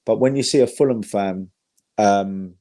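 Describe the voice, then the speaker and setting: A man's voice: fairly low pitch, a little slow, mellow, no echo, studio quality. A man telling football fan stories in a casual podcast chat, chatty and swearing freely.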